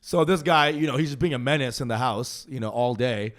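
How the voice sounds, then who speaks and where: A young man co-hosting a comedy podcast, telling a family story in an animated way, acting out the people he quotes and laughing often. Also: medium pitch, brisk. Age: young adult. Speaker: podcast co-host.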